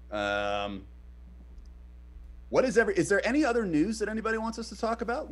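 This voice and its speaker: A man co-hosting a casual streamed chat, rambling with many fillers and acting out the stories he tells. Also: medium pitch. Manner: rambling, hesitant with many fillers, animated retellings. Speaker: podcast co-host.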